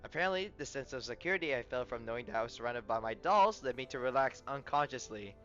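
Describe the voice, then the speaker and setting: Guy reading a game story out loud, trips on words, gets loud and hyped, kinda muffled with music. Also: medium pitch, fast talker, few pauses. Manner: reads narration aloud, stumbling and correcting words, with loud excited reactions. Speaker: gamer reading a story aloud. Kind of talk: game playthrough with read-aloud narration. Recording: slightly muffled, soft game music behind.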